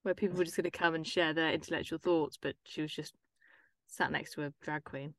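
A woman hosting a podcast in casual chat, teasing and quick to laugh. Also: low-pitched, dry recording. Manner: lively, teasing, laughs easily. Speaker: podcast host.

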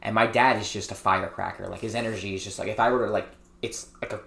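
A man talking as a guest on a podcast, calm, laid-back and reflective in casual chat. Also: on the low side, fast talker, creaky, echoey room.

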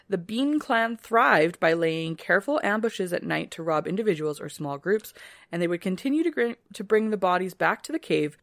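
A woman of middle pitch reading a history story into a close mic. The sound is very dry, with no room around her voice. She keeps a steady reading pace and drops into dry, casual asides. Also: no room sound. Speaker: podcast co-host.

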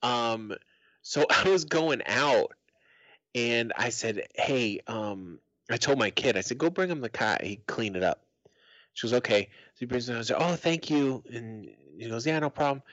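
A man's voice: medium pitch, expressive, moderate pace, fairly bright tone, no room sound, highs cut off. A middle-aged man from Arizona telling a story in casual podcast chat, swearing freely and acting out the quotes. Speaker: podcast co-host.

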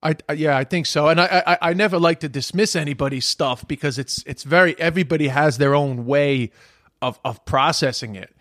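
A man's voice: a little high, brisk, fairly bright tone, dry recording. Comedian, man, thoughtful casual talk, stammering restarts, dry close sound. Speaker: podcast host, comedian. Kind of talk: casual chat.

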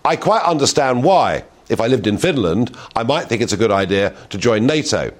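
Lively-voiced host posing pointed questions. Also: male voice, medium pitch, normal speed. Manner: emphatic, rhetorical questioning. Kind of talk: opinionated broadcast talk show.

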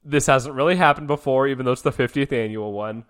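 A man's voice: medium pitch, fast. A man co-hosting a podcast, recapping an episode in casual chat, laughing often and using many fillers. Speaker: podcast co-host.

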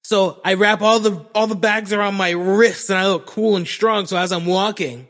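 A young man tells a comic monologue in a fairly high voice, swearing freely and mocking himself. He talks in an animated way, and long reverb rings behind his voice. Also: moderate pace. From Florida, USA. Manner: profane, animated, self-mocking. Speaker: podcast host. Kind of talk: comedic storytelling monologue.

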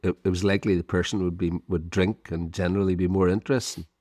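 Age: middle-aged. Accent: Irish. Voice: lowish man, rambling storyteller. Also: level tone, fast, a little mellow, no room sound, clean studio sound. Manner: rambling, lots of "you know", chuckling. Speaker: podcast co-host. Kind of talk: casual storytelling chat.

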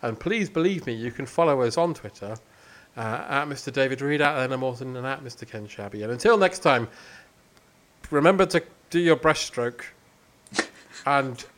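A man's voice: mid-range voice, normal speed, a bit bright. A man hosting a comedy podcast in casual chat, dry and joking, closing out the episode. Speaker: podcast host.

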